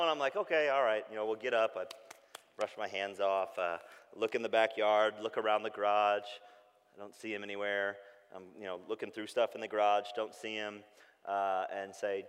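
A man, preaching a sermon with animated storytelling that turns soft and hushed when he reflects. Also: lowish voice, fairly quick, clear, resonant tone, in a large hall. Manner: animated storytelling, shouting when acting out calls. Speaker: pastor.

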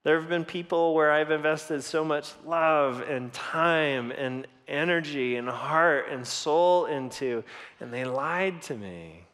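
A man in his thirties preaching a sermon in a conversational, storytelling way, with animated bursts when he quotes himself. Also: fairly high pitch, takes it slowly. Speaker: pastor. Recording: long hall reverb.

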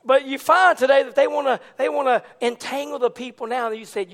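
A man preaching a fervent Pentecostal sermon, moving from low conversational talk to shouted, rousing preaching. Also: fairly quick. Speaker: pastor.

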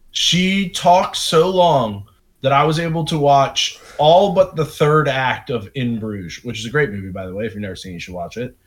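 A young man co-hosting a podcast, telling profane, animated stories in casual chat. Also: medium pitch. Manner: profane, laughing, animated storytelling. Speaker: podcast co-host.

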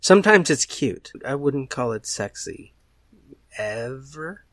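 A man's voice: medium pitch, animated, slow, a bit bright, no echo. A young man in a casual film review chat, making dry, wry remarks.

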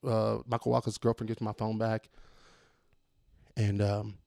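A man telling a long story in casual chat, animated and swearing freely. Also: lowish voice, a little slow, gravelly, dry recording, clean studio sound. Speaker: podcast host telling a story.

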